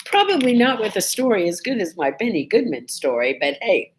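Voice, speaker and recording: A woman hosting a casual morning vlog, telling a personal story in a chatty, animated way and feeling a bit under the weather. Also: mid-range voice, a little fast. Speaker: vlog host.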